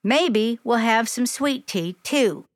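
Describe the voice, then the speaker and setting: A flashy, eccentric lady bee seamstress with a thick Southern drawl, as a woman puts her on. She sounds bossy yet kindly, lifted well above a normal speaking pitch. The dry storybook reading has no room around it. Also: expressive, slow pace, no echo. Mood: sassy drawl. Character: glamorous eccentric female seamstress bee, sassy.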